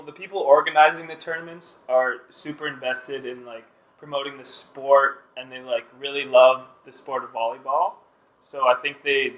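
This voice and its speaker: A man's voice: mid-range voice, fairly bright tone, reverberant, low-quality recording. A Canadian man, a podcast guest, chatting casually and chuckling often. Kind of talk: casual chat.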